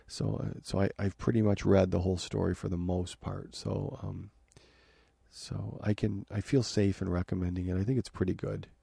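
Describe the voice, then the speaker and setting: A podcast host talks from his home office in a low, flat, gravelly voice. He rambles loosely through his thoughts. The sound is dark, husky and dry. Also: moderate pace, no room sound. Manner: rambling, many fillers and restarts. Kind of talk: casual review talk.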